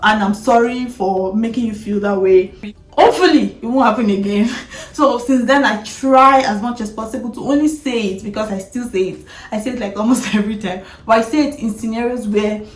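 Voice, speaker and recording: A Nigerian-accented woman in her thirties chats candidly to camera as a vlogger, laughing often and restarting her sentences. Her voice is a little high and a little fast, recorded in an echoey room with soft background music.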